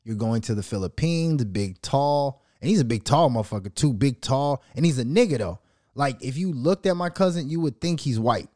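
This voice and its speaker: A man's voice: mid-range voice, lively intonation, moderate pace, dark tone, dry recording, clean studio sound. A man from Minnesota hosting his own show, ranting casually in a mocking, profane way and laughing often. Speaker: show host. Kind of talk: casual solo rant.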